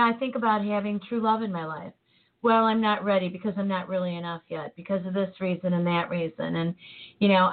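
A woman co-hosting a casual motivational chat, animated and laughing easily, often trailing off mid-thought. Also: fairly low pitch. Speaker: co-host. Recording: tinny phone-like line.

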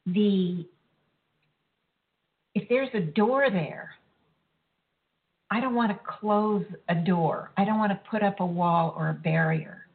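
A woman hosting a spiritual talk show, speaking earnestly in a rambling way that circles back and corrects itself. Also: medium pitch. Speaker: host. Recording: tinny phone-like line.

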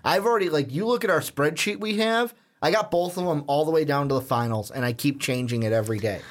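Male podcast co-host with a somewhat raised voice, animated and eager, talks basketball predictions in casual back-and-forth. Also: fairly high pitch, quick pace, slight background noise. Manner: animated, frequent agreeing hums, predictive.

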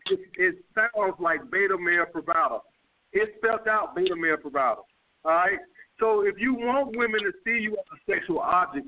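A blunt, profane man with a New York accent hosts a call-in dating advice show. He speaks in a fairly high voice and keeps repeating his points. The sound is thin and tinny, like a phone line. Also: slight background noise. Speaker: dating coach host.

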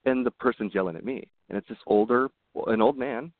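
Over a tinny, dry phone-quality connection, a podcast guest with a mid-range voice talks fairly quickly. His casual interview storytelling is heartfelt and meandering, full of restarts as he recounts personal experiences.

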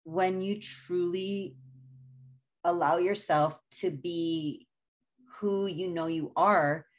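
Earnest low-voiced woman sharing personal stories. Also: fairly even intonation, slow. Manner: earnest, reflective, personal storytelling. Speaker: guest author. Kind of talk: conversational interview.

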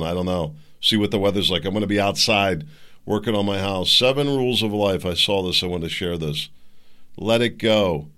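Low-voiced man rambling on a talk show. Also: a bit bright. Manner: rambling, digressive, frequent fillers and restarts. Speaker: podcast host. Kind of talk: solo opinion talk show.

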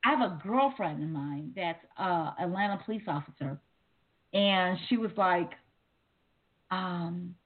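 A lowish-voiced woman chats on a talk radio show, rambling and restarting, leaning on "like" between thoughts. The sound is thin and narrow, like a phone line. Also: expressive, unhurried. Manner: rambling, many "like" fillers, restarts. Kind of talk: casual talk radio chat. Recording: tinny phone-like audio.

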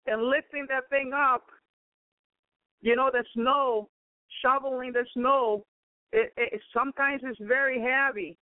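Fervent high-voiced woman preaching, slow. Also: steady tone, no room sound. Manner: fervent, peppered with praise exclamations. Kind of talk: spoken testimony sermon. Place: home in Chicago. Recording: dry, phone-like narrow sound.

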